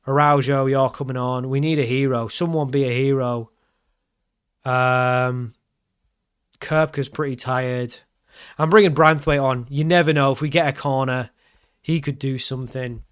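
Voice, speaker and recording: A man's voice: mid-range voice, fairly even intonation, measured pace, long pauses, clear, resonant tone. A man commentating live on his football management game, swinging from pleading to groaning. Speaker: gaming YouTuber.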